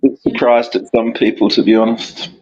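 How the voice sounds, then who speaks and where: Husky Australian man, lively pitch, lo-fi dull audio, drawling guest. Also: moderate pace. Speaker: chat guest. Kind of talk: casual live chat.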